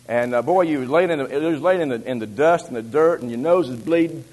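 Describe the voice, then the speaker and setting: Male preacher, sermon, husky voice, high pitch, loud rallying bursts, then quiet asides. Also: a little fast, poor audio. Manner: swings from loud exhortation to low confiding asides.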